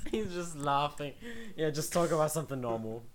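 A man's voice: fairly high pitch, very animated, noisy background. A young man co-hosting a podcast in casual chat, teasing his friend dryly. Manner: slow, dry teasing. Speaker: podcast co-host.

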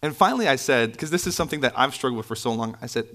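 Animated, conversational male preacher. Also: rapid-fire. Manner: conversational, with asides and self-corrections; animated, pitch swinging up for emphasis. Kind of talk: sermon. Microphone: microphone, sometimes bumped.

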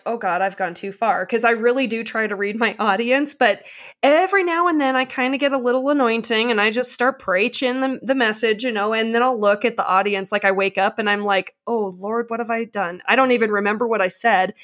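Energetic, passionate woman with a high voice. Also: fairly quick. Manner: energetic, passionate, self-mocking storyteller. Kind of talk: casual conversation.

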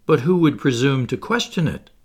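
A man's voice: medium pitch, sing-song, normal speed, voice pushed up. A man reading an elderly aristocrat who complains plaintively about his hardships. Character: elderly male aristocrat, kindly and pompous.

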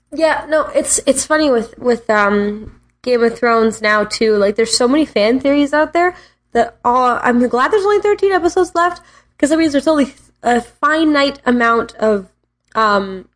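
Playful, higher-voiced woman podcaster. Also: measured pace. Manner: animated, playful, mimics voices for laughs. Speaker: podcast co-host. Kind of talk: casual chat.

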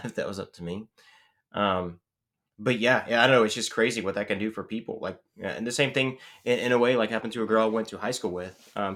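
A man with a somewhat low voice talks casually on a podcast, rambling and hesitant. He restarts his sentences and fills gaps with ums and likes. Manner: excitable, laughs often when telling the story.

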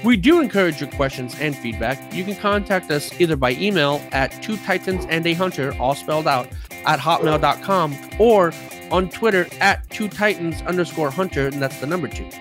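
A man's voice: a little high, expressive, moderate pace, music in the background. A man co-hosting a gaming podcast, teasing his co-hosts and laughing often, then reading the show's intro. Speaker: podcast co-host. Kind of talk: casual gaming podcast chat.

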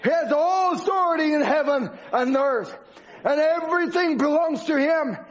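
A man's voice: very high-pitched, normal speed. A man preaching a sermon with an emphatic, repetitive cadence. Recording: dull lo-fi recording.

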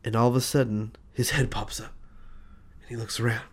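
A man co-hosting a casual comedy chat, telling a made-up film pitch in a rambling way and acting out its scenes. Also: level tone, brisk, slightly rough. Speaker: podcast co-host pitching film ideas.

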